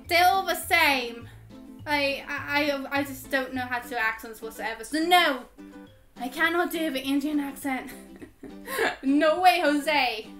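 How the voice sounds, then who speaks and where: A woman's voice: high-pitched, bright, forceful tone. A woman gaming YouTuber chatting casually through viewer questions, giggling often and filling with ums. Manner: chatty, giggly, frequent laughs and fillers. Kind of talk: casual Q&A vlog chat.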